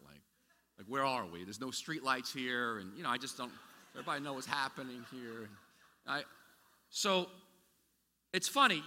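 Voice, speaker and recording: In an echoey hall with a long reverb, a man delivers a sermon as pastor, speaking casually with frequent restarts and side comments. His voice is fairly high, bright, and forceful.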